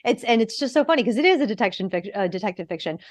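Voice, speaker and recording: A woman who is an actor and podcast host, chatting in an animated, opinionated way and swearing freely. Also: medium pitch, rapid-fire, no echo, studio quality. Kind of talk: casual podcast chat.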